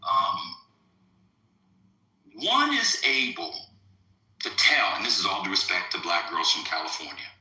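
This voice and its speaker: Guy ranting on a live stream, super bright voice, pitch all over the place, echoey room. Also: unhurried, pauses often. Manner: animated, provocative, swings loud to soft. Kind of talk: crude casual live-stream debate.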